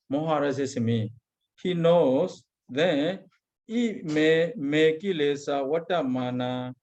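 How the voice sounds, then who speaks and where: Burmese monk lecturer, male, slightly high-pitched, halting non-native English, recites Pali then explains. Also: darkish tone. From Myanmar. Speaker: Buddhist monk teacher. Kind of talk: Abhidhamma lecture.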